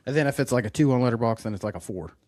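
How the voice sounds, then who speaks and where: A man co-hosting a casual podcast, laid-back and swearing freely, with his voice often trailing off quietly. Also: mid-range voice, lively intonation, racing, no echo, clean studio sound. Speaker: podcast co-host. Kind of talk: casual chat.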